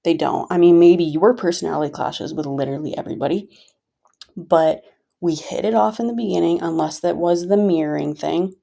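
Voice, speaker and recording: A woman's voice: fairly low pitch, brisk, vocal fry, mellow. A woman vlogger venting casually to her viewers, frustrated and rambling with many fillers.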